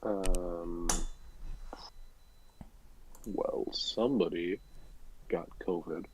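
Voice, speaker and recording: A teenage boy being interviewed as a guest, chatting casually and making deadpan jokes. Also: low-pitched, drawn-out words, background noise. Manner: deadpan, joking. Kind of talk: casual chat.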